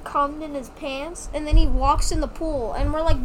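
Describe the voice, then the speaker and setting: A very high-pitched young woman chats on a homemade podcast. She tells stories bluntly, with plenty of slang and exasperation. A steady hiss of noise sits under her voice. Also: normal speed. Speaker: podcast co-host. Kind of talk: casual chat. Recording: noisy home recording.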